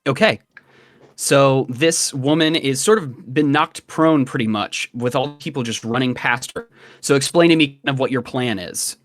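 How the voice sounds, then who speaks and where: A man running a tabletop game as dungeon master, describing scenes in a relaxed, loose way. His voice is mid-pitched and dry and close. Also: moderate pace, no room sound. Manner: descriptive, relaxed, hedging with filler words.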